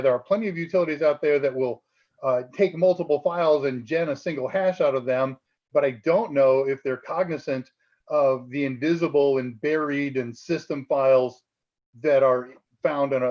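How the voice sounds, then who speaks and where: Chatty higher-voiced man on a live stream. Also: a little mellow, lo-fi sound. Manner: chatty, explanatory, laughs often. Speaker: co-host of a live tech Q&A. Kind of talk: live-stream Q&A, explaining exam answers.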